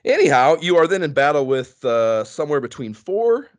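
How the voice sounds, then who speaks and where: A man co-hosting a casual gaming podcast, animated and laughing often as he tells stories. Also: fairly high pitch, moderate pace, no echo. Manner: animated, laughing, swearing freely. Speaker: podcast co-host.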